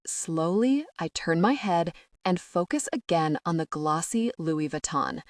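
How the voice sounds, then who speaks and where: Expressive British woman narrating an audiobook. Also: lowish voice, unhurried, no echo, studio quality. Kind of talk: first-person audiobook narration.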